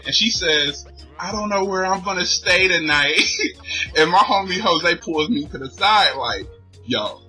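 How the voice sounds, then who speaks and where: A man's voice: fairly high pitch, sharp tone, poor audio. A young man vlogging, telling a long personal story in loose slangy talk and laughing as he goes. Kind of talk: casual storytelling.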